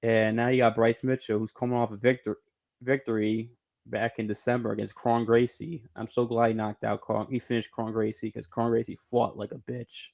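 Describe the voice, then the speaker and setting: A man's voice: level tone, moderate pace, gravelly, darkish tone. A man hosting his own sports channel, talking through fight news in a rambling, self-correcting way and swearing casually. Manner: rambling, self-correcting, bursts into high giggling laughter. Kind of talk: casual reaction commentary.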